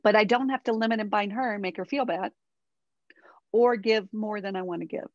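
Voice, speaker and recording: Middle-aged woman, expressive interview guest; dry, muffled lo-fi mic. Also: medium pitch, brisk, no room sound. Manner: animated, acts out quoted dialogue, many tag questions. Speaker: parenting expert guest. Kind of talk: interview conversation.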